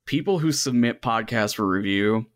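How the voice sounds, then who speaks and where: A man's voice: lowish voice, animated, moderate pace, no room sound, studio quality. A man co-hosting a podcast in casual chat, frank and joking with some swearing. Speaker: podcast co-host.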